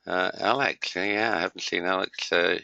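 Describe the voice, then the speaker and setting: A man's voice: low voice, fairly even intonation, normal speed, vocal fry, sharp tone, slight background noise. A middle-aged man hosting a trading webinar, chatting casually and greeting viewers by name with many fillers and matey asides. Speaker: webinar host and trading tutor. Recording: dull lo-fi webinar audio.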